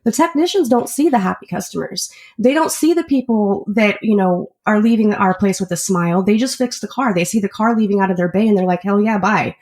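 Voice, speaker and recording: A woman's voice: medium pitch, brisk, hardly any pauses, a little mellow. A woman who works as an auto shop service advisor, talking earnestly and at length as a podcast guest. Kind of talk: casual interview chat.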